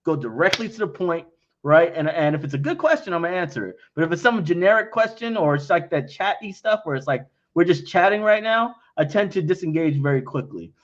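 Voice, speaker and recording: A man's voice: fairly high pitch, expressive, a little fast, muffled recording. A man answering investor questions in a casual livestream, talking bluntly and frankly, often acting out both sides of conversations. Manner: blunt and frank, acts out quoted exchanges.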